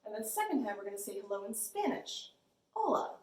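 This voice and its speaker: A woman's voice: medium pitch, very animated, quick pace, a little mellow. A young woman librarian leading a children's storytime, bubbly and sing-song. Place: library room. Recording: echoey room.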